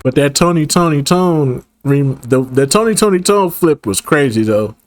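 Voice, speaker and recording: A man's voice: fairly high pitch, expressive, normal speed, no echo, clean studio sound. A man co-hosting a casual music reaction, loose and emphatic, repeating his points. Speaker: co-host. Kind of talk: casual music review chat.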